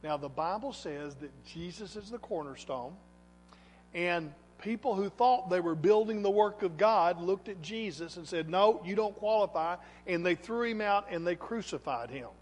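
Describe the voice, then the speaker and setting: A man with a high voice preaches a sermon in a church sanctuary. He pushes hard on some lines and goes soft and quiet on others. The sound carries a long reverberant tail from the hall. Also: animated, normal speed, faint music behind. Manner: emphatic, swings between loud exhortation and quiet asides. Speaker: pastor.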